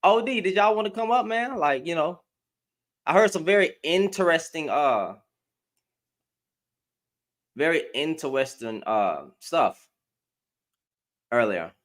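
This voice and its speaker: A man hosting a livestream, talking in a confrontational, animated way. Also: on the high side, unhurried, pauses often. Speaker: livestream host. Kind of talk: heated livestream talk.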